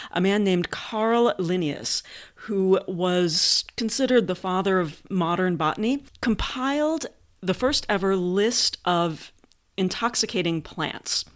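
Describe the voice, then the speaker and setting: A woman hosting a podcast, giving an educational monologue in a measured, unhurried storytelling manner with occasional fillers. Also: mid-range voice. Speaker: podcast host.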